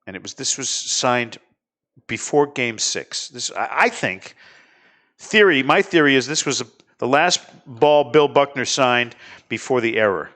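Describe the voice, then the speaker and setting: A man's voice: medium pitch, measured pace. Chatty middle-aged male talk show host. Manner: chatty, animated anecdote teller. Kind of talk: casual studio chat and storytelling.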